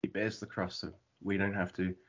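Husky-voiced male podcast co-host. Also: low voice, little pitch movement, brisk, highs cut off. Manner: rambling, with restarts and swearing. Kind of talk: casual chat.

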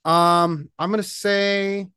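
This is a man co-hosting a casual podcast. He talks in an easygoing way and hedges his picks aloud. His voice is fairly high for a man, and it is recorded dry and close. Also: little pitch movement, takes it slowly, bright, forceful tone, clean tone, no room sound. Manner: easygoing, unsure guesser. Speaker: podcast co-host. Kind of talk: casual chat.

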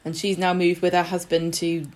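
A woman's voice: fairly low pitch, little pitch movement, normal speed. A woman co-hosting a podcast, chatting casually and agreeably about an old TV soap. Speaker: podcast co-host. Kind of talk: casual chat.

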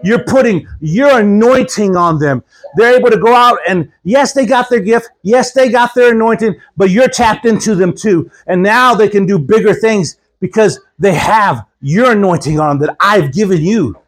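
A man preaching a sermon at a church service, telling stories with animated quoted voices and chuckles. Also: sits high, moderate pace. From Houston, Texas. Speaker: guest preacher.

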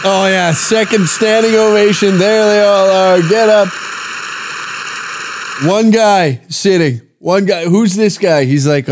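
A man's voice: high voice, slow pace. A man hosting a podcast, giving crude, profane reaction commentary and mocking what he watches, often laughing. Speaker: podcast host.

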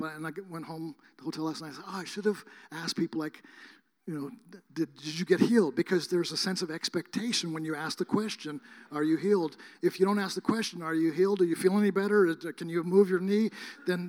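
A man preaching a sermon, telling healing stories in a rambling, casual way with many fillers and restarts, sometimes rising to near shouting. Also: a little high. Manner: emphatic, rises to near shouting at times. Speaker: guest preacher.

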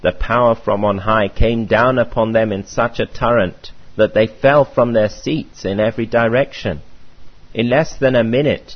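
A man reading a first-person memoir aloud in a measured, earnest way, on a muffled lo-fi recording. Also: medium pitch, breathy edge. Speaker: audiobook reader.

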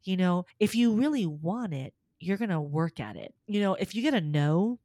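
A woman's voice: on the low side, normal speed, no room sound, studio quality. A middle-aged woman, a soprano and voice teacher, chatting in an interview and telling stories with acted-out quotes and frequent laughter. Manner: animated storytelling, acts out quotes, laughs often. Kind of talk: casual interview chat.

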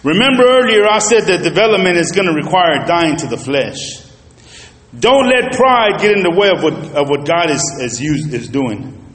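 A man preaching a sermon, telling a personal story in an animated way and talking straight to the congregation. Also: on the high side, normal speed. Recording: reverberant hall.

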